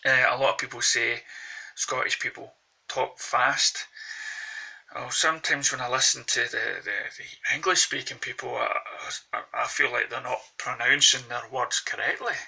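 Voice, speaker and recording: A man's voice: mid-range voice, moderate pace, vocal fry, sharp tone, husky, poor audio. A man with a Glaswegian accent, vlogging in a rambling, hesitant monologue into a phone held close.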